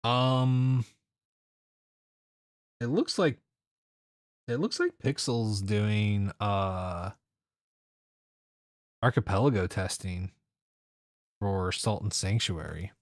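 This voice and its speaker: A man's voice: lowish voice, expressive, very slow, pauses often, no echo, clean studio sound. A man streaming games, chatting casually with his viewers, rambling and laughing often. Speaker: game streamer. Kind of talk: casual chat with live chat.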